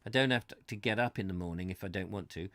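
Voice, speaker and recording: Earnest, halting man in his fifties. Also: deep voice, a bit bright, no room sound. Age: 50s. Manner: halting and rambling, full of restarts and searching for words; earnest and heartfelt. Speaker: host of a live reading channel. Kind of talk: casual live chat to viewers. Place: his own studio.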